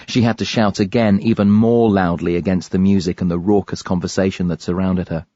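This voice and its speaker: A man narrating an audiobook thriller in a measured, grave read. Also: low voice, fairly even intonation, mellow, no echo, lo-fi sound. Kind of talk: scripted narration.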